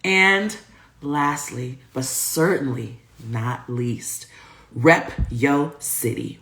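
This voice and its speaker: Bright, hyped woman livestream host. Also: very deep voice, expressive, extremely slow. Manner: hyped, playful, reads out viewer comments. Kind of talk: livestream hosting.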